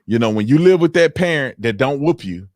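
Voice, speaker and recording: A man's voice: medium pitch, a little fast, no room sound, studio quality. A man hosting a casual panel livestream, telling stories with slang and acting out what people said. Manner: animated storytelling, slangy, acts out quotes. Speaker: host.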